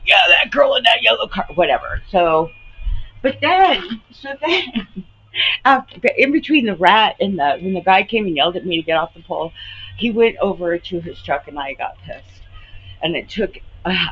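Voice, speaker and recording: A woman in her late fifties venting to her camera in a casual, animated rant, swearing and laughing often. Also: on the low side. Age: 50s. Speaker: vlogger. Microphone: camera mic. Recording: slightly muffled with faint background hiss.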